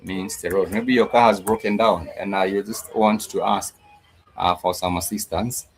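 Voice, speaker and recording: A man teaching a language lesson in a slow, repetitive way, with many fillers and pauses. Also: sits low, steady tone, a little hiss or hum, low-quality recording. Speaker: Swahili teacher.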